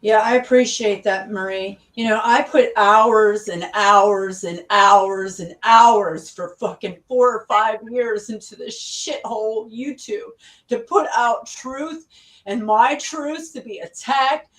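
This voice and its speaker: A woman's voice: medium pitch, slow, a bit bright, recorded from a distance, poor audio. A woman hosting a heated online group chat, swearing constantly as she vents over a video call. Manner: swears constantly in an angry rant. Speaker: channel host in a group live chat.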